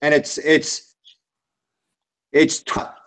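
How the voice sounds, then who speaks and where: A man's voice: very slow, fairly bright tone. An Australian man chatting on a video call, laid-back and encouraging, often saying mate. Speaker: hangout participant. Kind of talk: casual chat.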